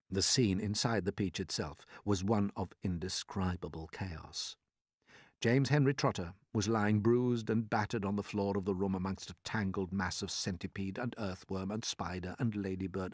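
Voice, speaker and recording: A man reading a children's storybook aloud in an expressive, dramatic way. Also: fairly low pitch, moderate pace, no room sound, clean studio sound.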